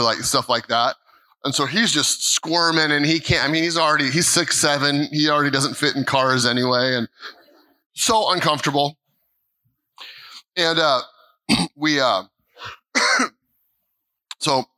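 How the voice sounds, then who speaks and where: A man's voice: on the high side, bright, forceful tone, poor audio. A middle-aged male pastor telling a funny family story in a sermon, acting out voices and laughing along. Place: church stage.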